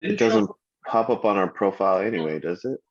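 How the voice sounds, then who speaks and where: A man's voice: low voice, expressive, a little fast. A man on a team call, laid-back and joking while reporting on testing an app. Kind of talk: casual work meeting. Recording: dull lo-fi microphone.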